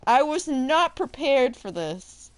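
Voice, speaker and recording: Woman, substitute teacher, unhurried and animated storyteller with lots of melodic rise and fall. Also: high voice, no echo. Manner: animated, laughs through her story, dramatic emphasis. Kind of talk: casual storytelling.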